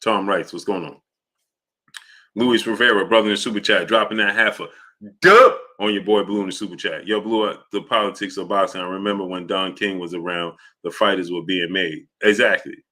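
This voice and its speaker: The host of a boxing live stream has a low voice with fairly even intonation, a brisk pace and a sharp tone. He gives casual commentary, arguing with chat, repeating himself and calling out viewers' names.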